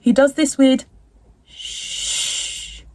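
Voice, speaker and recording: A woman's voice: mid-range voice, normal speed, a little mellow, no room sound. A young woman in casual chat recapping a TV episode at home, rambling with slangy, jokey asides. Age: young adult.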